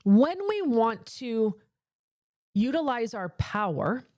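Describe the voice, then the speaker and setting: A woman's voice: a little high, lively intonation, slow, darkish tone, dry recording. A woman business coach giving a motivational talk into a close microphone, with a casual, chatty manner and an emphatic, repetitive cadence. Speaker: business coach for female entrepreneurs.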